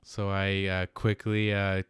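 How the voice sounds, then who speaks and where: A man's voice: sits low, completely flat delivery, takes it slowly, a bit bright, clean tone, no room sound, studio quality. A young man co-hosting a podcast, telling a story in a rambling, laughing way and repeating himself. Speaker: podcast co-host. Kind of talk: casual storytelling.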